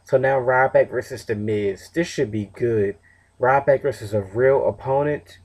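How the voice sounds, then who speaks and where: A man's voice: medium pitch, unhurried, a little mellow. Tired, rambling young man. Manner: rambling, loose, with fillers and self-corrections. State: tired, yawning. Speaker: wrestling show reviewer. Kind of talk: casual solo review.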